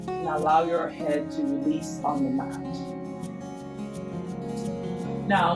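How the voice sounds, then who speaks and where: A yoga teacher leads a class in an unhurried, soothing way, pacing each cue to the breath. The voice sits back from the mic in a roomy space with a clear echo, and gentle music plays faintly beneath. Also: mid-range voice, distant mic. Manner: slow, soothing cues paced to the breath. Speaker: yoga instructor. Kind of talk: guided yoga class instruction.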